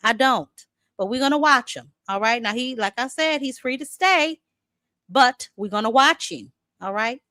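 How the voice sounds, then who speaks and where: A woman's voice: high voice, moderate pace, sharp tone, no room sound, clean studio sound. A woman hosting a casual boxing live stream, chatty and playful, greeting viewers by name and teasing them, with many fillers and restarts.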